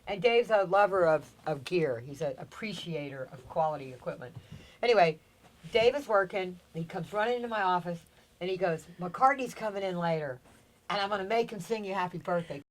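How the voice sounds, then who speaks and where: A woman's voice: lowish voice, fairly quick. A woman hosting a podcast, telling stories in a casual chat, swearing freely and acting out quotes. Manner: animated storyteller, swears freely, acts out quotes. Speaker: podcast host.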